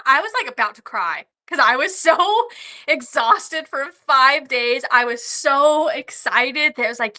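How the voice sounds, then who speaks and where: A woman's voice: high voice, animated, a little slow, sharp tone. A woman guest on a podcast, telling profane hunting anecdotes in casual storytelling with frequent laughter.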